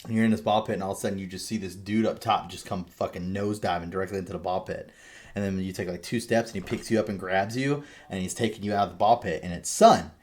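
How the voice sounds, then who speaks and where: A man hosting a podcast, recapping a game in a rambling, animated way and swearing freely. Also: low-pitched, quick pace. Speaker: podcast host. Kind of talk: casual chat.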